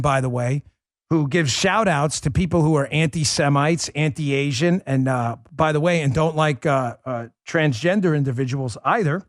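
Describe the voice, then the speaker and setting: Rich: A man with a fairly high voice hosts a political talk show, sarcastic and mocking as he rants. He turns animated, jumping up in pitch when mimicking others, and the sound is close and dry, as from a studio mic. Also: dry recording. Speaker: host.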